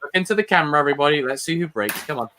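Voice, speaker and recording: A man's voice: fairly high pitch, lively intonation, rapid-fire, bright, forceful tone, a little hiss or hum. A man hosting a casual live stream, thanking viewers and laughing often with his co-hosts. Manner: laughs a lot, upbeat sign-offs. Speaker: host of a live pop culture stream.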